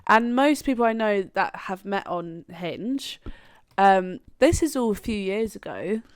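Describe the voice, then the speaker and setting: A woman's voice: mid-range voice, expressive, measured pace, clean tone, dry recording, studio quality. A young woman co-hosting a podcast in casual, chatty talk, swearing freely and laughing often. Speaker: podcast co-host. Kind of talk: casual chat.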